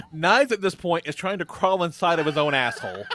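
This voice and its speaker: A male podcast host telling a story in casual chat, animated, often laughing and swearing. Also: a little high, moderate pace, background noise.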